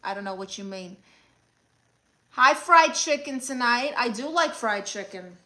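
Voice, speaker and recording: A woman playing a sassy, bright-voiced livestream aunt. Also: fairly high pitch, measured pace. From Brooklyn, New York. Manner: sassy, deadpan, scolding viewers. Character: brash Latina aunt livestreamer, sassy, mid-aged. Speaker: comedic livestream host character. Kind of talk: mockumentary livestream comedy.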